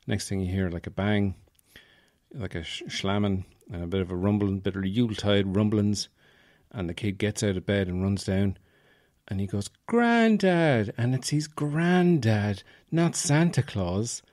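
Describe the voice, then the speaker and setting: A low-voiced Irish man talks through a casual comic monologue, rambling and wry as he pokes fun at himself. The sound is dry and close, with no room around him. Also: moderate pace, darkish tone, no echo. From Ireland, Offaly. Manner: rambling, wry, self-mocking. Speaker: podcast host.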